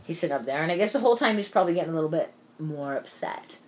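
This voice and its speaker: In casual chat, a woman rambles through a long work story, sprinkling it with "like" and swearing. Her low voice is animated and racing, with a little hiss or hum on the recording.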